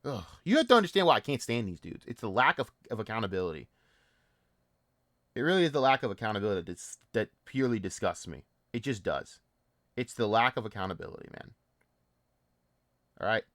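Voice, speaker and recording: A man's voice: on the low side, big pitch swings, brisk, pauses often, a bit bright, no room sound, studio quality. A man hosting a commentary channel, ranting in a profane, mocking and exasperated way.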